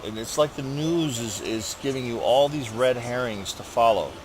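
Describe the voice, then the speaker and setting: A man's voice: mid-range voice, normal speed, noisy background. Profane, ranting man in a gaming vlog. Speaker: gaming channel host. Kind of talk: rambling personal update while gaming.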